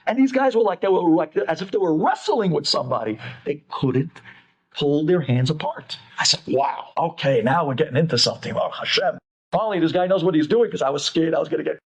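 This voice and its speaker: A rabbi tells a story to an audience, acting out each character with animated energy. His voice sits high for a man and swings through a wide, lively pitch range. He speaks in a warm, engaging way. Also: dull audio.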